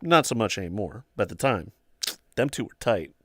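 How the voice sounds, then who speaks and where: A man's voice: lowish voice, sing-song, brisk, husky, no echo, clean studio sound. Rambling young man telling stories. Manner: rambling, full of "like" and "um". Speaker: livestream host. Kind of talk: casual storytelling chat.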